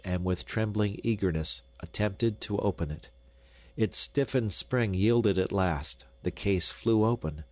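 Deep-voiced man narrating an audiobook. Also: darkish tone, no room sound. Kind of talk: scripted narration.

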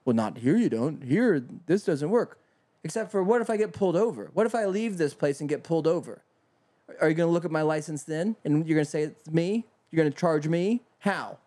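A man's voice: fairly high pitch, quick pace, dark tone. A man in his fifties hosting a casual podcast chat, ranting with exasperation and plenty of swearing. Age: 50s. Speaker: podcast host.

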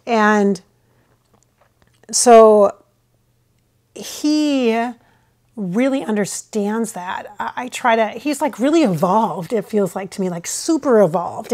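This American channeler speaks to camera casually at home as her husband films, her voice on the high side, darkish and expressive. She goes slowly with long pauses, rambling hesitantly and often restarting what she says.

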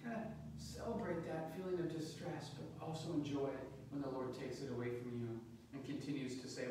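A male priest reading the gospel and preaching a homily at Mass in a conversational, halting way, repeating words as he goes. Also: mid-range voice, steady tone, dark tone. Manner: conversational, halting, with frequent word repetitions. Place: large church. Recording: very echoey church from far off, faint noise.

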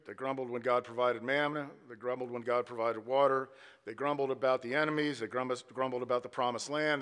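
A man's voice: mid-range voice, a bit bright. Man, pastor, emphatic sermon, long church echo. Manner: emphatic preaching with rhythmic repetition. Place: church sanctuary.

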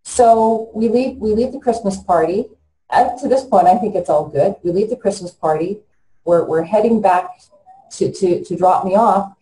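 A woman in her fifties, an interview guest telling her own story in a halting, earnest way with frequent restarts. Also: mid-range voice, mellow, echoey room, a little hiss or hum, poor audio.

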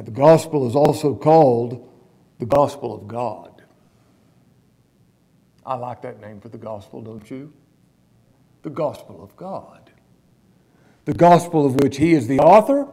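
Earnest preaching man, mellow voice. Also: on the high side. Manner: emphatic preaching, slows and stresses key words, asks the congregation questions. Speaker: pastor. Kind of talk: sermon. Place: church.

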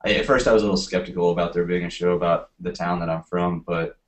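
Deep-voiced young man, easygoing chat. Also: fast talker. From Nashville, USA. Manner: relaxed, hesitant with many fillers. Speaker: band member guest. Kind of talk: casual interview chat.

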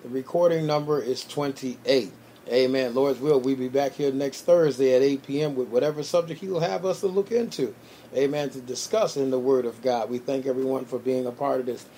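A man's voice: mid-range voice, fairly even intonation, a little fast, warm tone, slight background noise. A man, a pastor hosting a prayer call, giving closing announcements and a benediction, with many fillers and repeated amens.

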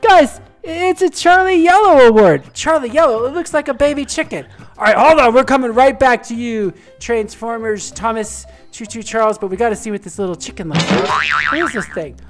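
A woman hosting a gaming video, giving excited gameplay commentary with gasps, squeals and playful sound effects. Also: on the high side, moderate pace, faint music behind.

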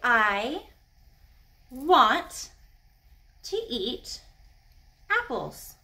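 Woman, children's sign language teacher, high voice, lively pitch, encouraging, animated. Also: extremely slow. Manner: animated, encouraging, gasps with delight.

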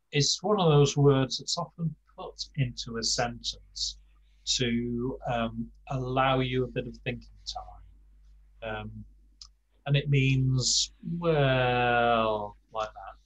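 Older male tutor, video call, slow and halting, lots of fillers. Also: medium pitch, low-quality recording. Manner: slow, hesitant, many fillers and restarts. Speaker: Spanish class tutor. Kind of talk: online language lesson.

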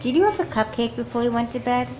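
A woman's voice: fairly high pitch, expressive, fast, a little mellow, a little hiss or hum, pitched above the performer's own voice, lightly acted, low-quality recording. A woman voicing a caring girl who reassures her sister in a soothing way. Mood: concerned.

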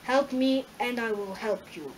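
Demanding storybook wizard read by a woman, stern and slow. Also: a little high, slight background noise, lightly acted, rough recording. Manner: stern and commanding.

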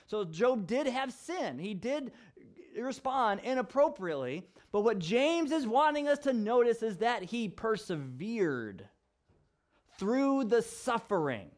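A male pastor giving a casual vlog sermon, animated and wry, acting out the quotes he tells. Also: high-pitched, unhurried. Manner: animated, sarcastic asides, acts out quotes.

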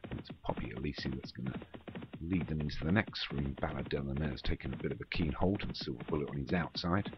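Deep-voiced man calling a horse race. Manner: rapid running race call, names horses in order. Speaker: horse race commentator for online league. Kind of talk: live race commentary. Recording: muffled with steady background noise.

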